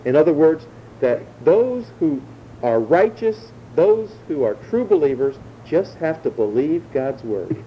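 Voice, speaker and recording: Male pastor, dark mellow tone, measured verse-by-verse sermon delivery, slight rumble behind. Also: sing-song, poor audio. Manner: measured teaching, slowing to stress key words.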